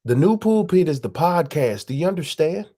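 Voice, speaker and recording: A man's voice: fairly high pitch, expressive, normal speed, warm tone. A man hosting his own channel, giving a profane, preachy monologue full of slang and rhetorical questions. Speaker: host. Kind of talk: casual monologue.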